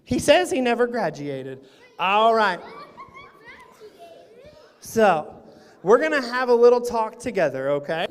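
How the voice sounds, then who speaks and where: A man leading a playful children's sermon in church, teasing and quizzing the kids. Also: high-pitched. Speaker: children's pastor. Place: church sanctuary. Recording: echoey church sanctuary.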